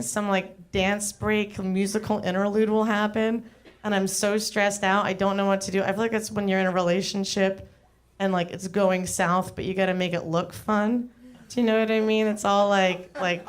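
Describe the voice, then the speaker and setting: A woman's voice: medium pitch, clear, resonant tone. A young adult woman performing a stand-up comedy set on a club stage, chatty and self-deprecating with lots of "like".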